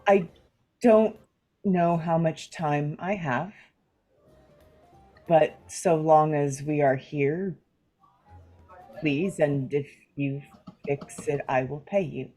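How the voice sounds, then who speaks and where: A woman voicing a guarded githyanki warrior woman who speaks in halting, serious phrases. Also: low voice, mellow, faint music behind. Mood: reserved.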